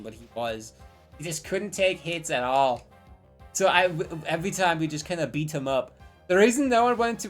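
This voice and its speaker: A woman in her twenties telling a rambling, profane story on a live stream and drifting into tangents. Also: medium pitch.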